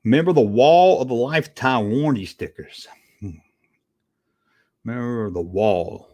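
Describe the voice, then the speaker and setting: Man, live-stream host, animated sing-song delivery, rambling, casual swearing, stammered restarts. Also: mid-range voice, measured pace. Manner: rambling, reminiscing, reacting to chat, casual swearing.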